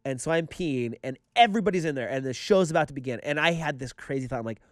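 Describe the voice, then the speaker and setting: Animated storytelling man, dry close mic. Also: a little high, fast talker, no room sound. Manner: animated storyteller, acts out quotes. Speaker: podcast co-host. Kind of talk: casual chat.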